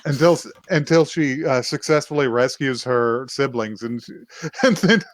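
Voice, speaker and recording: A man at a mid-range pitch retells a story in a loose, meandering way, with frequent fillers and little restarts. He dips into quick impressions of the characters as he goes. The sound is dry and close, with no room around it. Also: no echo. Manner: rambling retelling with many fillers, acting out quoted lines. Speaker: podcast co-host. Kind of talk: casual episode recap.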